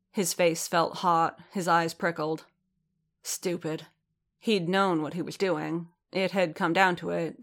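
A woman narrating an audiobook in a measured, steady reading voice. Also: fairly low pitch.

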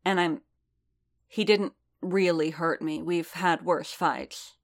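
A woman voicing a weary, guarded male warrior who talks haltingly and corrects himself. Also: on the low side, steady tone, creaky. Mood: hesitant. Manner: hesitant, halting, self-correcting.

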